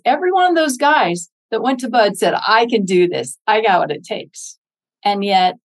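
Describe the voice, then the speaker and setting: Middle-aged woman guest, earnest heartfelt storyteller, voice a bit high. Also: husky, rough recording. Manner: earnest, heartfelt, quotes scripture aloud. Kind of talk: emotional personal storytelling.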